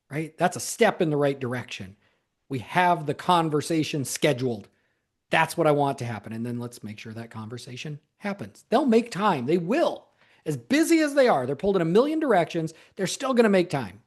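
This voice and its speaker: A man's voice: fairly high pitch, big pitch swings, moderate pace, a little mellow. A man speaking as a sales coach, giving conversational advice in a solo talk, often repeating words and stressing key points.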